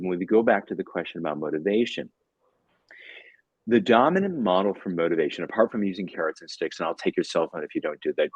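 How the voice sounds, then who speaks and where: A man in his fifties, a tutor and author, telling a story as a podcast guest in a lively way, acting out bits of dialogue and often repeating words. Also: low-pitched, husky, no echo, lo-fi sound.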